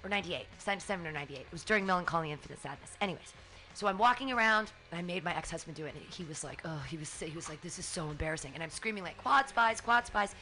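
Woman in her 40s rattling off a wild story on a radio show, bright voice, talks super fast, faint music behind. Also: low-pitched. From California. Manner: animated, laughs often, swears casually, acts out her own shouting. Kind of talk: casual chat, storytelling. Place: small radio studio.

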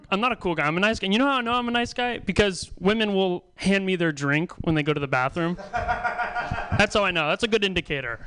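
A male stand-up comedian works a small room from the stage. His voice sits high and sounds smooth and clear. He mocks himself with plenty of swearing and chuckles through his rambling bits. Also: sharp tone, low-quality recording. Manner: self-deprecating, profane, rambling with chuckles.

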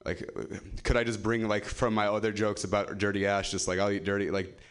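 A man's voice: on the low side, monotone, a little fast, smooth. A man taking notes on his stand-up jokes in a casual workshop chat, rambling and cutting himself off. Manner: rambling, self-interrupting. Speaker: comedian getting feedback.

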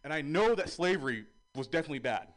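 A man doing stand-up in a comedy club, self-deprecating and chatty. His fairly high voice leaps up and down as he tells stories and acts out other people. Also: lively intonation, fast talker.

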